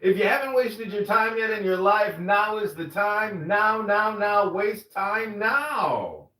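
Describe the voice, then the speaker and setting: A man's voice: high-pitched, expressive, slow, pushed and bright, pitched above the performer's own voice, full character voice. A man putting on an over-the-top show announcer voice, mock-grandiose and drawn out, heard distant and roomy on a social audio app.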